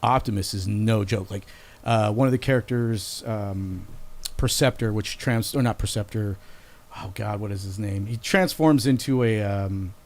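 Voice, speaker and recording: A man's voice: fairly low pitch, moderate pace, darkish tone. A man co-hosting a podcast in casual chat, rambling and swearing freely. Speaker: podcast co-host.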